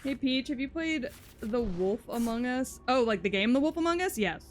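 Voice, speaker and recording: A woman's voice: fairly high pitch, lively intonation, normal speed, faint music behind. A young woman streaming live, chatting casually while she plays. She sounds exasperated, swearing and blurting out frustrated outbursts.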